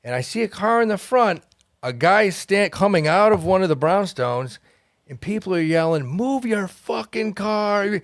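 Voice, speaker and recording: A man's voice: high voice, expressive, moderate pace, no echo, studio quality. A comedian telling a long story in casual podcast chat, rambling and laughing as he goes.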